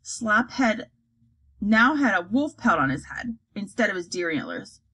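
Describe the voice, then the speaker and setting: Female storybook reader, animated and slightly husky, does the character voices herself. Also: mid-range voice, unhurried, poor audio. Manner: acts out characters, lively delivery. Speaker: audiobook reader.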